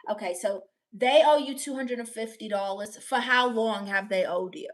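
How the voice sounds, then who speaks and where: A woman's voice: a little high, moderate pace. A woman with a New York accent hosting a livestream, reading the chat and giving playful, sassy advice.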